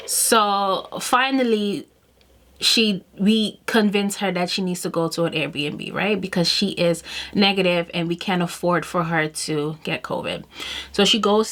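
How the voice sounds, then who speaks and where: A woman with a slightly low voice talks casually to her camera while doing her makeup. She tells a story in a chatty, animated way and acts out the lines of everyone in it. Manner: chatty and animated, quoting herself and others. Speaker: beauty vlogger. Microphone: camera mic while doing makeup.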